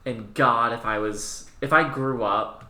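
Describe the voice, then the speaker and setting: A young man co-hosting a casual podcast, talking in an animated way, swearing and slipping into quick quoted voices. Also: medium pitch, echoey room. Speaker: podcast co-host. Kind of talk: casual chat.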